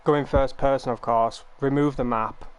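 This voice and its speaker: Speaking to viewers on his live game stream, a young man uses a mid-range pitch with smooth, fairly even intonation. His explanations run long and roam freely, delivered in a laid-back, unrushed way.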